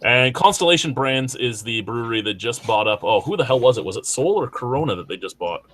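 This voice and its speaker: A man's voice: mid-range voice, animated, fairly quick, fairly bright tone, a little hiss or hum. Rambling podcast guy reading the news. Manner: rambling, lots of fillers and restarts while reading. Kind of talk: casual chat.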